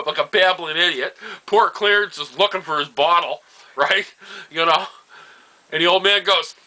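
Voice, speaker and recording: Bright-voiced older man telling stories. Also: on the high side, normal speed, rough recording. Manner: laughs often, chuckling asides, trails off and repeats phrases. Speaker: storyteller. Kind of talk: casual personal storytelling.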